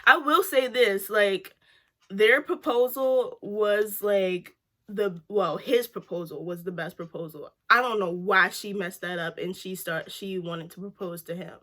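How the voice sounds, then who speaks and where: A woman giving a casual reaction chat on a TV show, filling her sentences with "like". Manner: chatty, fills every pause with "like"; lively, jumps up in pitch when reacting. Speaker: vlogger reviewing a TV show.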